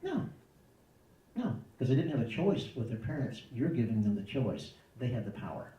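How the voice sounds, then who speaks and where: A man's voice: medium pitch, big pitch swings, moderate pace, mellow, roomy sound, distant mic, muffled recording. A man answering parenting questions in a conversational way, acting out little dialogues in changing voices. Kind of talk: conversational advice talk.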